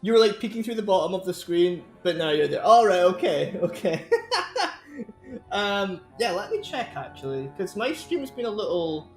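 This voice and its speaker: A man's voice: sits high, animated, normal speed, faint music behind. A young man chatting casually with his stream viewers, rambling and laughing often. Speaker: live streamer.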